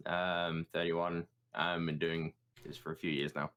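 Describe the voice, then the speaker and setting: A man, a guest chatting in a relaxed, self-mocking way over a remote call, often repeating his words. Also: low voice, measured pace. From southern England. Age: 30s. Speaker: guest streamer. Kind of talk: casual chat on a live stream.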